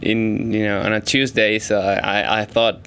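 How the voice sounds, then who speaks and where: A man's voice: on the low side, level tone, moderate pace, a bit bright, clean tone. A man telling an anecdote in an interview, stumbling and repeating words.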